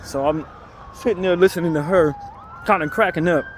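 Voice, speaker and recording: Guy rambling a funny story while walking, bit high voice, faint traffic. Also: brisk. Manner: chuckling, rambling. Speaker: vlogger. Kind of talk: casual storytelling. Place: outdoors on a city street, walking.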